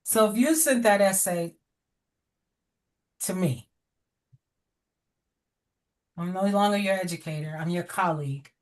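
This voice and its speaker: A woman's voice: lowish voice, a little slow, long pauses, darkish tone. A middle-aged woman teaching over a video call, giving direct, encouraging feedback with frequent laughter. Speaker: educator. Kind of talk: online class feedback.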